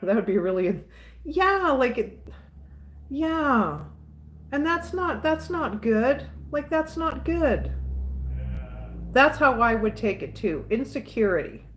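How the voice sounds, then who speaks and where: A woman's voice: high-pitched, very animated, slow, pauses often, a little hiss or hum. A woman with a Southern US accent chatting casually with her live viewers, outspoken and rambling, often repeating herself. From Southern United States. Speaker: livestream host answering chat.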